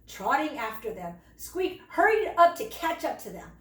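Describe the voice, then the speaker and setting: A woman teacher reading a children's storybook aloud in an expressive, slow storytelling manner. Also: high-pitched, distant mic. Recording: roomy, away from the mic.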